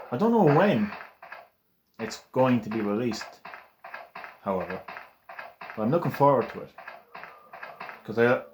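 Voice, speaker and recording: A man giving chatty, excitable commentary while he plays a game. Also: mid-range voice, background noise. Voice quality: chatty, excitable, swears casually. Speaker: gameplay commentator. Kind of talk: casual gameplay commentary.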